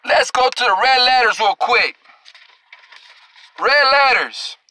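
A man's voice: very high-pitched, expressive, slow pace, pushed and bright, a little hiss or hum, low-quality recording. A male preacher delivering an angry, confrontational sermon, scolding and cursing at his listeners and drawing out scripture verses for emphasis.

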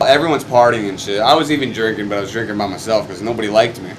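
A young man, a stuntman, telling a rambling, profane story in casual chat the morning after a wild night, getting loud and excited as he acts out the fights. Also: lowish voice, quick pace, few pauses, slight background noise. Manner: profane, excitable, swings loud when reenacting. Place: hotel room.

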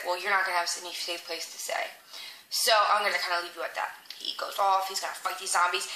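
A young woman, chatting to camera as she retells a movie and acts out the lines in quick little voices. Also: mid-range voice, sharp tone. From Philadelphia. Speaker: vlogger reviewing a movie. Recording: echoey room, faint noise.

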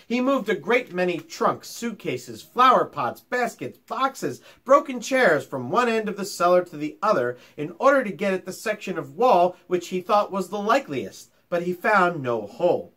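A man's voice: sits high, moderate pace, few pauses. A male teacher reading a children's chapter book aloud and chatting with his young pupils about it. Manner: animated, talks to children directly.

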